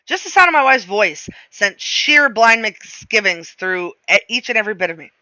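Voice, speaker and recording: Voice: medium pitch, sing-song, normal speed, hardly any pauses, bright, forceful tone, no room sound. A reader narrating a novel aloud in the first person, with a wry, self-mocking delivery.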